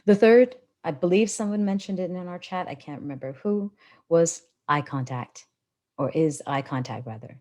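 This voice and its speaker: A woman coaching public speaking in a live webinar, her voice sitting slightly low but swinging widely in tone as she talks. Her delivery is animated and expressive, and she speaks into a laptop on a video call. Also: normal speed.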